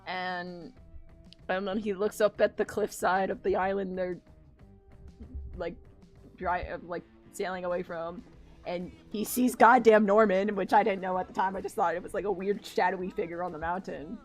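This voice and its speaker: A woman with a fairly low voice chats casually while she draws on stream, rambling and swearing freely as she tells a story. Faint music plays underneath. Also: normal speed. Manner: rambling, profane, animated storytelling. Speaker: streaming artist. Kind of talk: casual chat while drawing.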